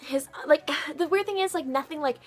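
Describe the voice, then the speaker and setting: Chatty twenty-something girl vlogging, kinda high voice, laughs a lot and swears, soft music behind. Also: moderate pace. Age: 20s. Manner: chatty, giggly, swears casually. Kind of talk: casual storytelling to camera.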